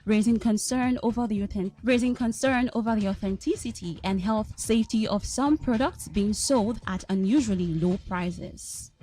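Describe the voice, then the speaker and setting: A woman reads a quick entertainment news bulletin in a crisp, steady way. Her voice sits a little high and stays even from item to item. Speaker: newsreader.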